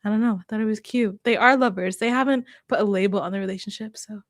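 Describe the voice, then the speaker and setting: A woman's voice: medium pitch, quick pace, dry recording, studio quality. A woman hosting a casual reaction chat, talking with laughs and acting out quotes. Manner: chatty, laughs often, acts out quotes. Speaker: host.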